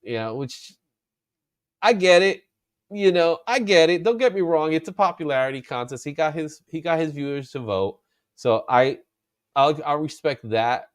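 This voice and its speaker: A man hosting a casual comic book chat, animated and laughing often, drawing out his exclamations. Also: a little high, moderate pace, no echo, studio quality. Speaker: comic book show host.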